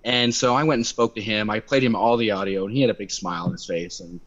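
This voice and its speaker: Animated young man on a dull call. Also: fairly low pitch, fast talker. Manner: animated, swearing, acts out quotes by raising his voice. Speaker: activist guest. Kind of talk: casual storytelling on a video call. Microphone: video call. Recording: dull lo-fi video call audio.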